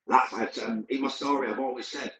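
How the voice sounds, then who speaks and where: A man's voice: medium pitch, fairly even intonation, normal speed, fairly bright tone, roomy sound, slight background noise, low-quality recording. A man, a podcast guest, recounting his past in a candid, vivid, blunt present-tense way. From Manchester, England. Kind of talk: personal storytelling.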